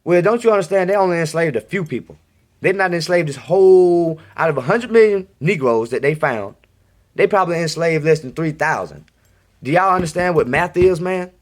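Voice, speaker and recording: A man's voice: fairly high pitch, animated, fairly quick. A man giving a casual, rambling monologue to his viewers in a home recording, insistent and repeating himself. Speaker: video blogger.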